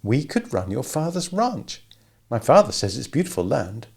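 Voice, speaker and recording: A man voicing a stern, earnest teenage girl in a novel, raising his pitch. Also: very animated, moderate pace, creaky, darkish tone, slightly rough, heavily acted.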